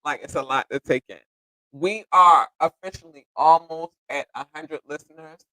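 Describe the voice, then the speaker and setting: Male podcast host, effusive and rambling, slightly high voice, close dry recording. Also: normal speed, no echo, rough recording. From United States. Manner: effusive and grateful, repeating thanks and shout-outs; rambling, self-correcting, occasionally tongue-tied. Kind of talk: casual solo podcast chat.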